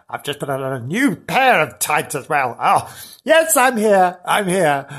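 A performer voicing a flustered middle-aged woman reporting from a dark garden in a comic spoof, breathless and giggly. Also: mid-range voice, voice pushed up, natural voice.

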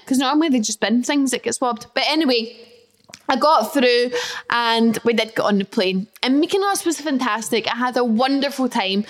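A young woman in her twenties hosting a podcast from her flat, telling a story in a chatty, self-deprecating way. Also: fairly high pitch. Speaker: podcast host. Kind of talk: casual storytelling monologue.

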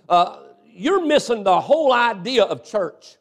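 Man, high-pitched voice, preaching, frequent amens. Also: lively intonation, normal speed, hardly any pauses. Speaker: pastor. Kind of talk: sermon.

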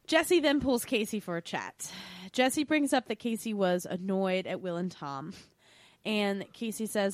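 A woman's voice: mid-range voice, a little slow, no echo. A woman co-hosting a podcast, recapping episodes in casual chat and giving blunt, opinionated takes with casual swearing. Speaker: podcast co-host.

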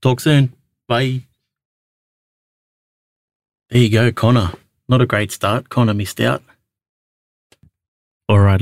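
A man's voice: medium pitch, darkish tone, dry recording, studio quality. An Australian man hosting a podcast call-in show, chatting in a laid-back, matey way. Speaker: podcast host. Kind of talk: casual call-in chat.

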